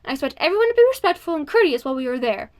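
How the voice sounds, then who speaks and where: A woman's voice: sits high, very animated, very fast. A woman reading the part of a stern adult woman who gives strict orders to young competitors, in an audiobook. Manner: stern, commanding.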